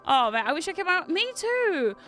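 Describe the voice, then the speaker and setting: A young woman streaming as a VTuber, chatting in a rambling, giggly way with sudden animated outbursts. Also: high-pitched, moderate pace. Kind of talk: casual chat while streaming retro games.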